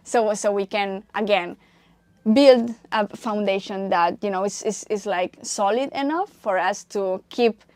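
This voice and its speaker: A woman chats casually on a livestream, explaining plans in a halting way full of fillers and restarts. Her voice sits in a middling pitch. The sound is close and dry, with no room around it. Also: a little mellow, no echo. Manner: hesitant, many fillers and restarts, laughs often. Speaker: game developer on a livestream.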